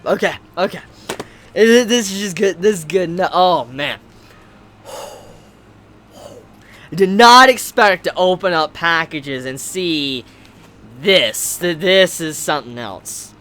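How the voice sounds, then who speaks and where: A man vlogging casually as he unboxes gifts, excitable, stammering and repeating himself, at times shouting. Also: high voice, slow, long pauses. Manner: excitable, swings to shouting and squealing. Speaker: anime vlogger.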